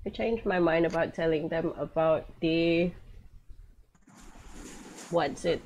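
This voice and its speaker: A woman playing a tabletop game, chatting casually and reacting quickly. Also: low-pitched, darkish tone. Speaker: player.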